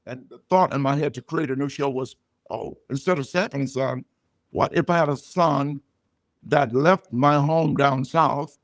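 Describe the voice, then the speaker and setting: An older man, a comedian guest, telling stories and jokes in a loud, punchy way. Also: medium pitch, moderate pace, no echo, clean studio sound. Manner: loud punchy joke delivery, animated storytelling. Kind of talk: storytelling comedy chat.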